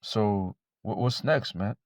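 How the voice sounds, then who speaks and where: A man preaching informally to camera, blunt and profane, repeating himself and reading scripture slowly. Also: lowish voice, darkish tone, no echo, clean studio sound. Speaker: religious teacher.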